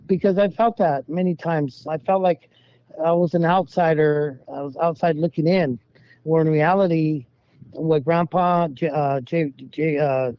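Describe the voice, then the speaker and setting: A man's voice: a little high, steady tone, a little slow, no room sound. A man telling personal stories in a rambling, casual way, acting out the voices of the people he quotes. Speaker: guest storyteller. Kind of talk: casual storytelling. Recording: dull lo-fi sound.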